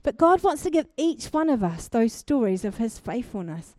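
A young woman preaching a sermon, telling a personal testimony in an animated way and building to fervent exhortation. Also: on the high side, normal speed, no room sound. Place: church.

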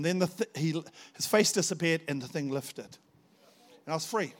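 A man preaching a sermon, telling stories in an animated, dramatic way and laughing often. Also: a little high, normal speed. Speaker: pastor. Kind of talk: storytelling sermon.

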